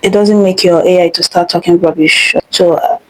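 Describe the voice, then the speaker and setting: A woman's voice: on the low side, fairly even intonation, moderate pace, low-quality recording. A young woman hosting a screen-recorded tutorial, chatty and instructive, often repeating herself. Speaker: tutorial host.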